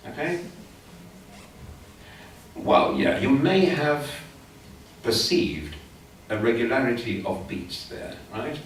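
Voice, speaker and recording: A man's voice: medium pitch, sing-song, slow, pauses often, recorded from a distance, slight background noise. Chilean man lecturing in an echoey hall. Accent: Chilean Spanish. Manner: explanatory, chatty with asides, taps out beats aloud. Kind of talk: academic conference talk.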